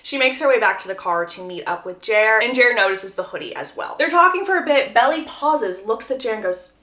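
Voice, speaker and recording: A young woman retelling a book's plot in a chatty, animated way, stopping to share her own opinions. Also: a little high, brisk, hardly any pauses, echoey room. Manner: animated, gushing storyteller who breaks off to give opinions. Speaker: book recap creator. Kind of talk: chatty book plot recap.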